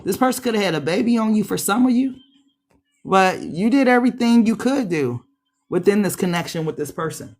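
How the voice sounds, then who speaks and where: A woman runs a tarot reading in a loose, chatty way, speaking straight to her viewers. She is animated and slangy, often breaking into laughs and acting out little quotes at a middling pitch. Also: a little fast. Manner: frequent laughs and acted-out quotes; slangy, uses mild profanity. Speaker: tarot reader. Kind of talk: casual tarot reading to camera.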